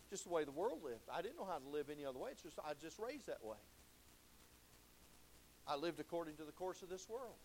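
High-voiced preacher. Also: male voice, a little hiss or hum. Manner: folksy preaching, swings between loud exclamations and low intensity. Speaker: pastor. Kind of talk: sermon. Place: church.

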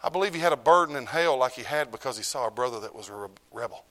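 Middle-aged man as pastor, mid-pitched, preaching sermon, loud bursts and hushed drops. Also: animated, rapid-fire, slight background noise. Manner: swings between loud preaching and hushed, low delivery.

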